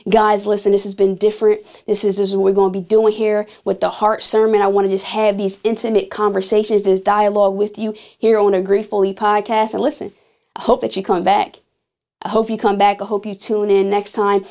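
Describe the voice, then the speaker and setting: A woman hosting a podcast, giving an intimate, earnest spoken sermon on grief, slow and emphatic as she speaks straight to her listeners. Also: mid-range voice, flat delivery, a little mellow. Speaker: podcast host.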